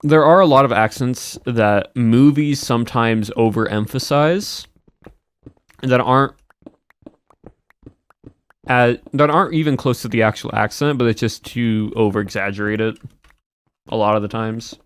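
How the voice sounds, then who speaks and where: A man's voice: medium pitch, a little slow, long pauses, clear, resonant tone, dry recording. A man streaming live, chatting casually and rambling while he answers his chat.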